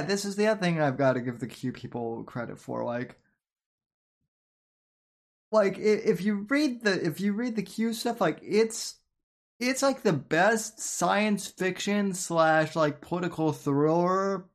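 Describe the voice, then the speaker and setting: A man on a podcast talking in casual chat, hedging with lots of fillers and restarts. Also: sits high. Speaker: podcast guest.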